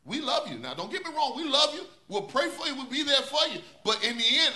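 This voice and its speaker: Bright-voiced preaching pastor. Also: male voice, extremely high pitch, big pitch swings, a little fast, hardly any pauses. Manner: preaching with rising and falling intensity, repeating refrains. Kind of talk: sermon.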